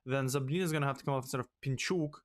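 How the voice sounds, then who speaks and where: A young man hosting a let's play, ranting in exasperation and swinging loud and high when upset. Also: racing. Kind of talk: ranting game commentary.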